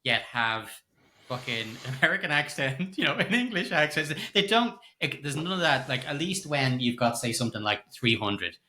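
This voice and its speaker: A man's voice: medium pitch, big pitch swings, moderate pace, pushed and bright. A middle-aged man co-hosting a podcast, chatting casually about a film, laughing often and swearing now and then. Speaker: podcast co-host. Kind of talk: casual film review chat.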